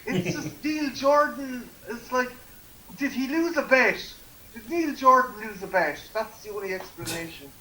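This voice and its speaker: A man's voice: extremely high pitch, unhurried, sharp tone. An Irish man chatting casually on a video call during a film watch party, riffing sarcastic jokes and swearing freely. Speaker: guest. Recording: echoey room with faint noise.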